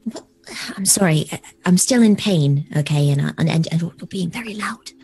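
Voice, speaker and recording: A woman's voice: fairly low pitch, normal speed, a little mellow, a little hiss or hum. A woman player speaking in character, flustered and stammering. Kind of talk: in-character game play.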